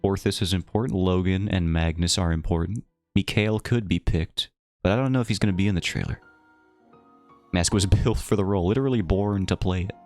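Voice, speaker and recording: A man's voice: deep voice, fairly quick, a little mellow, faint music behind. A man streaming live, chatting casually and playfully with his viewers in a rambling, self-mocking way. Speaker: livestreamer.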